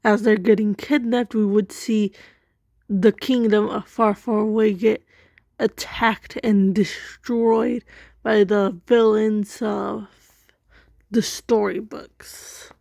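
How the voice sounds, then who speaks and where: A woman's voice: mid-range voice, little pitch movement, takes it slowly, gravelly, darkish tone. A woman casually rambling through her own story ideas, amused at herself. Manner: rambling, self-amused, many fillers. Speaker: amateur story writer.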